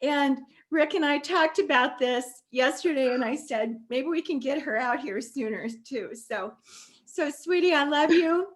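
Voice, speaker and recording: A high-pitched woman hosts a masterclass on a video call. She talks affectionately and emotionally, calling the listener sweetie and honey. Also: unhurried. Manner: warm, affectionate, tearful at times. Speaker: masterclass host. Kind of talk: live video call talk.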